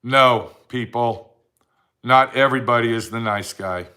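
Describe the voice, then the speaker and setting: A man's voice: mid-range voice, a little slow, bright, forceful tone. A man delivering a heated, blunt ranting monologue to camera, repeating his points for emphasis. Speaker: vlogger.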